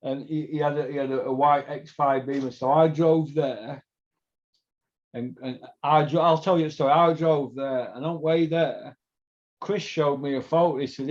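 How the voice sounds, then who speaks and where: A man's voice: fairly high pitch, fairly even intonation, moderate pace, darkish tone. A middle-aged man from Doncaster with a South Yorkshire accent, rambling through sweary, laughing stories as a podcast host. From Doncaster, England. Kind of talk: casual storytelling chat. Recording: dull lo-fi sound.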